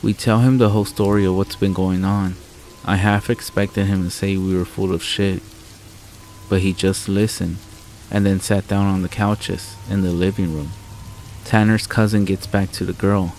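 A man's voice: sits low, level tone, normal speed, a little hiss or hum, rough recording. A man narrating a true horror story in the first person, blunt and full of swearing. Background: soft music and rain sounds.

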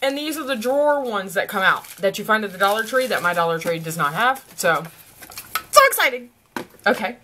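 A woman's voice: medium pitch, lively intonation, fast, hardly any pauses, pushed and bright, a little hiss or hum. A young woman with a Southern US accent, gushing and giggling as she opens gifts in a casual home vlog. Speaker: vlogger. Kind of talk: casual gift-opening vlog. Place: at home by her desk.

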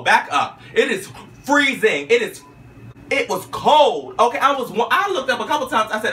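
A man telling a story in a vlog with flamboyant, sassy flair, peppering his talk with "okay?" and "honey" and jumping into high squeals for his own quotes. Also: bright, forceful tone, far from the mic, slight background noise. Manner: jumps into high squeals when quoting himself. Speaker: vlogger recounting a talk show visit.

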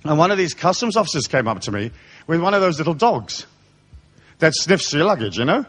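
A man's voice: a little high, big pitch swings, a little fast, a bit bright, husky. A middle-aged man born in England and raised in Africa, giving a live talk to an audience as a spiritual lecturer in a profane, mocking, comic style. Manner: profane, mocking, comic rant with put-on voices.

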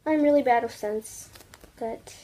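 A young woman vlogger unboxing products in an excitable, gushing way, full of exclamations. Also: fairly high pitch, unhurried, a little hiss or hum, poor audio.

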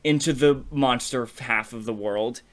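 Male podcast co-host, mid-pitched, animated and giggly, pitching ideas in a loose chat. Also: normal speed. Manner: animated, laughs often, keeps saying "you know what I mean". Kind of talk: casual creative brainstorming chat.

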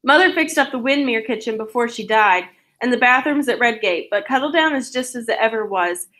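Woman reading a bitter auntie, highish voice, sharp and accusing. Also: expressive, fairly quick. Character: bitter resentful middle-aged aunt.

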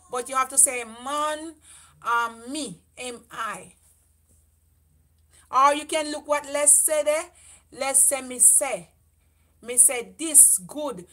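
A middle-aged woman with a Jamaican accent holds a casual livestream chat with her viewers. Her voice sits high and rings bright and forceful. She talks loudly and lets patois run through her English. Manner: loud, lively, mixes patois into English. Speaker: beauty vlogger.

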